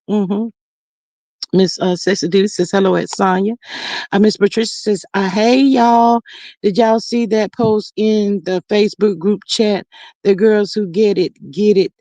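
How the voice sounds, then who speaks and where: A woman's voice: medium pitch, no echo. Sassy woman hosting a livestream chat. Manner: lively, sassy, drawn-out greetings to viewers. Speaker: livestream host. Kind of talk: casual livestream chat, reading comments aloud.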